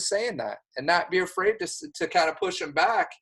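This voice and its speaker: A man's voice: mid-range voice, very animated, moderate pace, vocal fry, hardly any pauses, a bit bright. A man coaching a new agent, speaking in an earnest, emphatic and encouraging way. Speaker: sales coach. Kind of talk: coaching talk.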